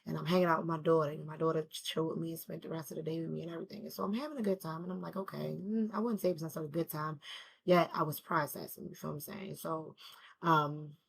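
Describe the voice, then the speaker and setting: Grieving woman with a gravelly low voice. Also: fairly even intonation, quick pace. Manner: casual slangy storytelling. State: grieving, emotional. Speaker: vlogger. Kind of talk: rambling personal video talk.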